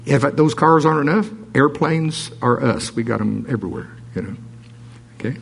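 A man preaching a sermon, reading scripture aloud with jokes and asides in an animated way. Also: mid-range voice, moderate pace, creaky, a little hiss or hum.

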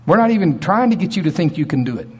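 A man preaching a sermon in an animated way, acting out voices with sudden jumps in pitch. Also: fast talker, slightly rough.

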